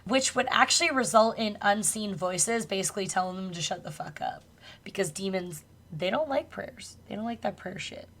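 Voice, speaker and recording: A woman's voice: medium pitch, normal speed, fairly bright tone. A woman co-hosting a podcast, casually retelling a spooky true story with loose swearing and laughs. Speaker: podcast co-host.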